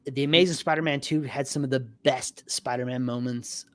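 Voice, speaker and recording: A man co-hosting a casual livestream chat, excitable, swearing freely and laughing often. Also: medium pitch, moderate pace. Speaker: podcast co-host.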